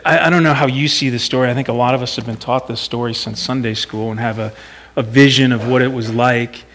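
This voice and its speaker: A man's voice: medium pitch, steady tone, a little fast, fairly bright tone. A middle-aged man giving an informal Bible devotional in a conversational, reflective way, thinking aloud as he talks.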